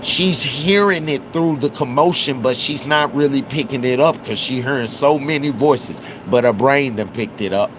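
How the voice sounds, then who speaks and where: A man's voice: medium pitch, background noise. A man giving casual live commentary, drawling and acting out other people's words in raised voices. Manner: slow, drawling, acts out quotes in raised voices. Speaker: livestream commentator.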